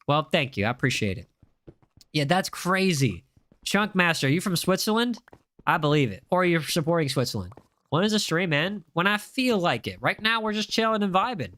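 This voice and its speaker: A man's voice: a little high, fairly bright tone, no echo, clean studio sound. A young man with a mix of Spanish and American accent, chatting casually with viewers while building in a game and teasing them as he reads their messages. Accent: mixed Spanish and American. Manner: joking, teasing viewers, reads chat aloud. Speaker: streamer. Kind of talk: casual live-stream chat while playing.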